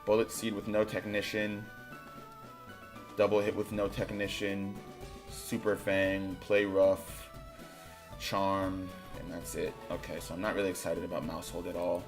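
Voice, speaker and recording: A man streaming a game, thinking out loud in a loose, rambling way and now and then bursting into loud excitement. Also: sits low, a little slow, music in the background. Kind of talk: casual game commentary.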